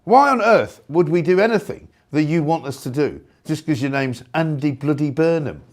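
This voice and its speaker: A male talk show host in full rant, sarcastic and indignant, his pitch swinging wildly between mocking highs and grumbling lows. His voice sits a touch high for a man, and he keeps breaking into loud, exasperated outbursts in the studio. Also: animated, normal speed. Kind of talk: heated opinion rant on live talk radio.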